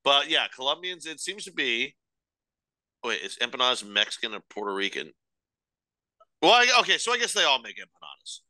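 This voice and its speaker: A young adult man co-hosting a podcast, arguing his point in animated, opinionated, sweary casual talk. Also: medium pitch, a little fast, long pauses, no echo. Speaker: podcast co-host.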